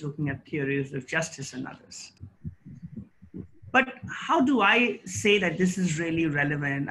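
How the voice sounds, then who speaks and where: A middle-aged man giving a formal guest lecture, emphatic and rhetorical, with pauses and restarts. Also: a little high, bright, forceful tone, slight background noise, low-quality recording. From India.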